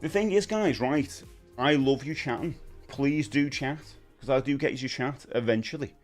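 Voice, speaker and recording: A man in his fifties hosts a live stream and chats loosely with viewers, often wandering off mid-thought. His voice sits at a middle pitch. Faint music plays underneath. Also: steady tone, normal speed. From United Kingdom. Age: 50s. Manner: chatty, rambling, reads out viewer messages. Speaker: livestream host. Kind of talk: casual live-stream chat.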